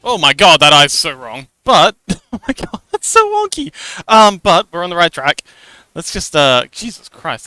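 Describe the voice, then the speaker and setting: A man's voice: on the high side, big pitch swings, normal speed, pushed and bright, clean tone, dry recording. A man livestreaming as an artist, chatting casually while he draws, rambling and self-deprecating, laughing often and muttering to himself as he works.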